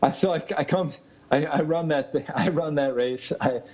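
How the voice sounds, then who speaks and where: On a muffled, lo-fi recording, a man being interviewed talks at normal speed in a voice on the high side and a little mellow. His long personal story rambles along casually, with frequent laughter and plenty of ums and you-knows.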